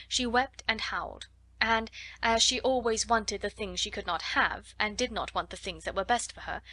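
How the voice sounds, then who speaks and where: A woman reading a classic children's novel aloud as an audiobook narrator, steady and clear. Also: mid-range voice. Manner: steady storytelling. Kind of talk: scripted narration.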